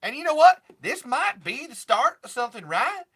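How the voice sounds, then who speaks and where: A man doing a comic impression of a feisty woman, a tough single mom who talks in a loud twangy drawl. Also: extremely high pitch, very animated, normal speed, breathy edge, voice pushed up, exaggerated voice. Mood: flirty.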